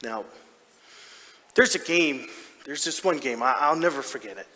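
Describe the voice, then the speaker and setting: A man's voice: mid-range voice, moderate pace. A man playing a proud hockey dad. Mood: fond. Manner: chatty and self-mocking, with sudden excited outbursts. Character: proud, doting hockey dad, playful and earnest. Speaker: stage actor. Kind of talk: comedic stage monologue. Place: large theatre stage. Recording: reverberant theatre hall.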